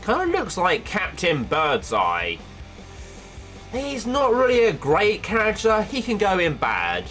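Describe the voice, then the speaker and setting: A man doing casual tier-list commentary as a YouTuber, offhand and jokey, firing off quick verdicts. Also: high voice, wildly swooping pitch, a bit bright, faint music behind. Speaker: YouTuber ranking cartoon characters.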